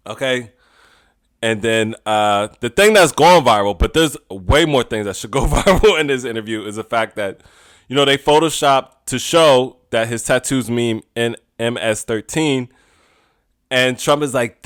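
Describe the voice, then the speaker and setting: A man hosting a comedy podcast, talking in animated, rambling commentary and laughing often. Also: medium pitch, moderate pace.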